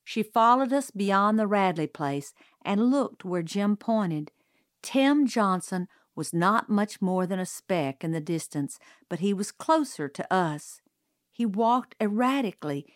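Slow, dry-voiced woman reading a story. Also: medium pitch, dry recording. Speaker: audiobook reader. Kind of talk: scripted storybook narration.

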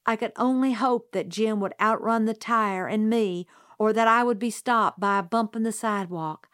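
A woman narrating a novel aloud in a measured, even storytelling manner. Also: on the high side, dry recording, clean studio sound. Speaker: audiobook reader. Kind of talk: scripted narration.

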